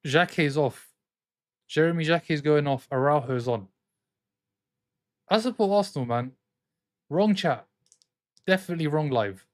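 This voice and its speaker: Brief: male streamer, slightly high voice, excitable live football reaction, trades banter with chat. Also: a little slow, pauses often. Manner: excitable, jumps between commentary and arguing with chat. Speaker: streamer hosting a football watchalong.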